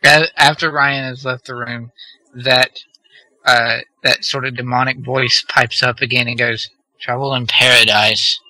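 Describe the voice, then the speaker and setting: A man acting as game master in a casual tabletop role-play session, calmly asking the players questions. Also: mid-range voice, measured pace, no echo, rough recording.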